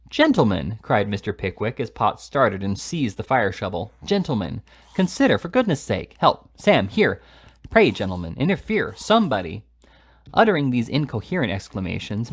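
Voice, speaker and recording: A man reading a classic novel aloud at a steady pace, with occasional stumbles. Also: mid-range voice. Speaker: reader.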